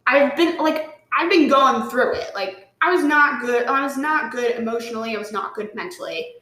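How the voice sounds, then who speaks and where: A woman's voice: high voice, moderate pace. A woman guest telling a story in casual chat, full of "like" and swearing, acting out what people said. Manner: animated, swearing, lots of "like", acts out quotes. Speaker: podcast guest. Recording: roomy echo.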